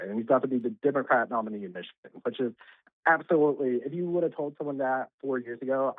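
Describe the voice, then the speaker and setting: A man calling in as a political commentator, speaking brisk and emphatic with frequent fillers over a phone line. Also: on the low side, no echo.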